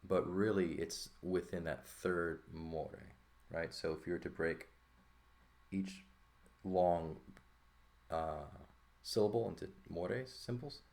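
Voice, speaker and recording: Low, gravelly male teacher; relaxed, thinking-aloud delivery with lots of "right?". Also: slow pace. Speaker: Greek teacher. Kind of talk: casual lesson walkthrough.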